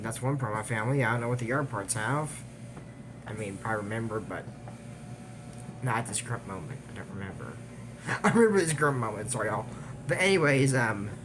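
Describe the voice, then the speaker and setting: A man recapping an animated series in a casual, digressive way, trailing off with fillers and little laughs. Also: mid-range voice, noisy background. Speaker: YouTube recap host. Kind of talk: casual rambling episode recap.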